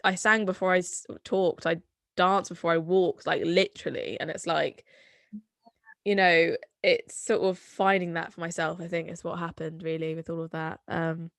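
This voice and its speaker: A woman's voice: lowish voice, fairly even intonation, normal speed, vocal fry, dry recording. Chatty young Somerset woman, dry sound. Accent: Somerset English. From Somerset, England. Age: 20s. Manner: chatty, rambling, many fillers. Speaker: guest, singer-songwriter. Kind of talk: casual conversation.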